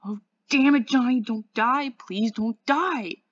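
A woman voicing a reckless, volatile teenage boy, talking louder and more urgently than her narration, sometimes hissing. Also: medium pitch, fairly even intonation, fast, dry recording, lightly acted. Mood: desperate. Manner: louder, urgent, at times hissed. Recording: dull lo-fi dry audio.

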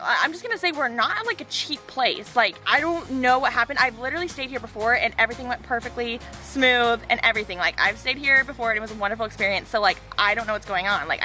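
Bright-voiced chatty woman vlogger. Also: fairly high pitch. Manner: chatty, lots of "like" and "literally", exasperated storytelling. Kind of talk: casual storytime vlog. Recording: light background music.

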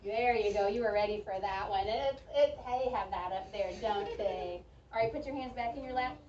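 A woman teaching a reading lesson to a young class, speaking slowly and clearly and praising the children's answers. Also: medium pitch, a little mellow, slight background noise. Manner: slow, clear, encouraging teacher talk with drawn-out words. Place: school classroom. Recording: echoey, distant, dull classroom recording.

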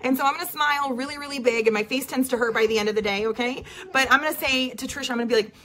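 Bubbly fast-talking woman coach. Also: high-pitched, pushed and bright. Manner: bubbly, chatty, peppered with "okay?". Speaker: network marketing coach. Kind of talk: casual coaching to camera. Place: at home with children nearby.

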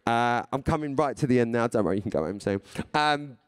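Before a live audience, a thirty-something radio and TV presenter reads tweets aloud, chatty and playful with lots of laughter. He speaks briskly with lively intonation in a medium-pitched, clean-toned voice.

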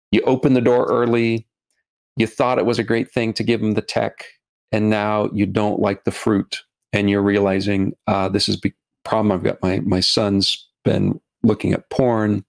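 Middle-aged male guest, low gravelly voice, earnest, halting, repeats words. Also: little pitch movement. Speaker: guest, documentary filmmaker. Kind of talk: podcast interview.

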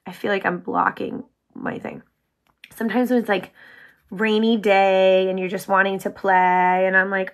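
A woman hosting a casual makeup tutorial, bubbly and chatty, full of "like", often dropping to a soft whisper. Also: mid-range voice, flat delivery, normal speed. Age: adult with sons. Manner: bubbly, chatty, heavy use of "like".

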